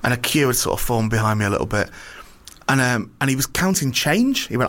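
A man's voice: mid-range voice, lively intonation, a little fast, a bit bright. A male comedian, rambling through an anecdote in casual chat, swearing and acting out the other people's voices.

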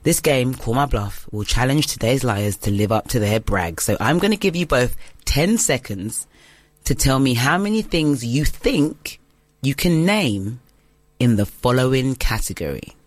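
A woman hosting a relaxed quiz round, her voice swinging up and down with plenty of bounce. She giggles often and laughs at her own slips. The sound is close and dry, with no room around it. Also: extremely low pitch, unhurried, no echo. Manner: giggly, self-mocking. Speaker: quiz host. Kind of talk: casual podcast game hosting.

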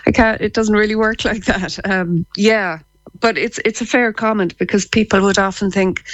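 A woman's voice: mid-range voice, steady tone, normal speed, no room sound. A woman, a psychotherapist guest on a radio interview, explaining things in a chatty way and laughing easily.

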